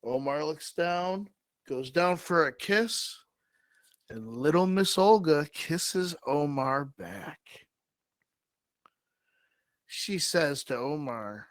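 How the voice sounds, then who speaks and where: A man co-hosting a comedy show, improvising a story with slow, drawn-out delivery and dramatic pauses. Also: fairly high pitch, fairly bright tone, dry recording. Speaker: co-host.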